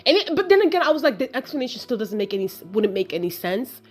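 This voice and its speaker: A woman giving a casual, chatty film review, animated and exasperated as she retells the plot with lots of asides and laughter. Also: on the high side, quick pace. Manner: exasperated storytelling, acting out her own reactions.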